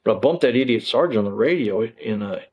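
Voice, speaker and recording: A man's voice: mid-range voice, expressive, quick pace, slightly rough, lo-fi sound. A man, a former police officer telling his story in a casual interview, rambling with lots of fillers and frank swearing.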